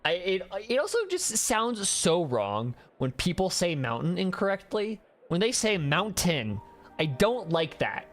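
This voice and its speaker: A streamer with a Midwest mountain accent giving animated, rambling gameplay commentary full of restarts. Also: mid-range voice, a little slow, few pauses, faint music behind. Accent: Midwest mountain American.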